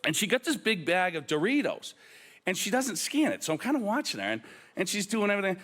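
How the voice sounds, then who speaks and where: Boston man, memorial anecdotes, higher voice with lots of swing in the delivery. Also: fast. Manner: animated anecdotes, acts out others' lines. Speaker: police officer sharing memories at a memorial. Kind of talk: humorous memorial storytelling.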